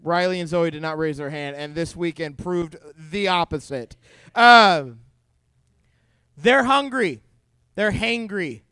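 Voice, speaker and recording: A young male youth pastor with a high, smooth, resonant voice, cracking jokes as he preaches to teens. His delivery is animated and playful, recorded up close and dry. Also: slow pace, no echo. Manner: jokey, animated storytelling to teens. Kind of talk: youth sermon.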